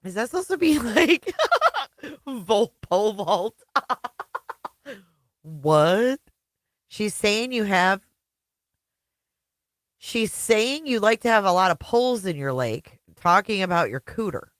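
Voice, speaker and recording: Slow sarcastic woman reacting, dry sound. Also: mid-range voice, big pitch swings, no echo. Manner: sarcastic, laughs often. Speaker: commentary channel host. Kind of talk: mocking reaction commentary.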